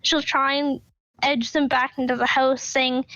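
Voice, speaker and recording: High-voiced woman tabletop player. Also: level tone, unhurried, a bit bright, dry recording, lo-fi sound. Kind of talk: tabletop game play.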